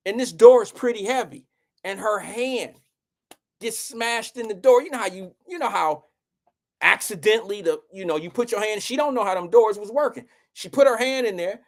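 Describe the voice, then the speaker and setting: A young man, telling a personal story to his audience as a show host and acting out the quotes. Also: sits high. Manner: animated, acts out quotes with raised voice.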